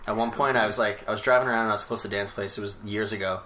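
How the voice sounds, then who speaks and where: A young man leads a casual chat, explaining things in a meandering way that is full of filler words. His tone is bright, and a faint background hiss runs under it. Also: on the low side, steady tone, racing. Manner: rambling explainer, lots of fillers. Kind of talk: casual chat among friends.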